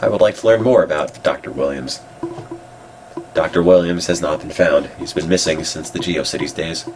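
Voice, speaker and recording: A congested man making dry, deadpan remarks while browsing and reading out old web pages. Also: extremely low pitch, moderate pace, music in the background.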